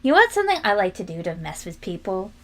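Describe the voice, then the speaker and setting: A woman's voice: medium pitch, sing-song, fast talker. A young woman streamer chatting casually and animatedly while she works, quoting people in raised voices. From family from New England, lives in Florida.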